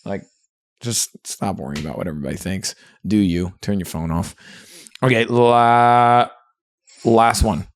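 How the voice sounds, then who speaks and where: A man's voice: deep voice, normal speed, dry recording. A man co-hosting a podcast, talking in an earnest, reflective and chatty way with lots of fillers. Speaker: podcast co-host. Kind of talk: candid podcast conversation.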